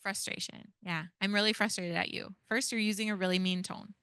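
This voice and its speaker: Brief: casual woman in her thirties running a parenting workshop, bright and forceful tone. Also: mid-range voice, steady tone, a little fast, clean tone, no echo. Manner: casual, chatty, many "like" and "right?". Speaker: parenting educator leading a training. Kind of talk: interactive workshop talk.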